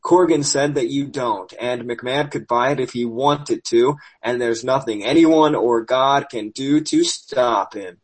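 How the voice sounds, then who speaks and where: A man's voice: medium pitch, measured pace, few pauses, slightly rough, low-quality recording. A man hosting a podcast, reading wrestling news with sarcastic asides, losing his voice. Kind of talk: casual news commentary.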